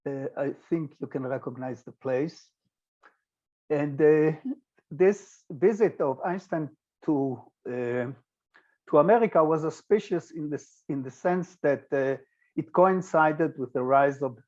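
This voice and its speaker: Israeli man lecturing, halting with fillers. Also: fairly high pitch, a little mellow, highs cut off. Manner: hesitant, many filler sounds and restarts. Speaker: physics lecturer. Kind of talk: recorded lecture with slides.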